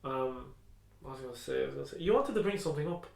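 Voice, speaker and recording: A man's voice: medium pitch, expressive, racing, creaky. A man co-hosting a podcast in casual chat, talking loosely and swearing now and then. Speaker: podcast co-host. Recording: echoey room, faint noise.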